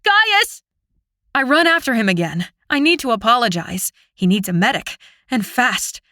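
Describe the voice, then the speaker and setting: A woman reading a fantasy audiobook in first person, with steady, immersive storytelling. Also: fairly high pitch, normal speed, no echo, studio quality. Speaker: audiobook narrator.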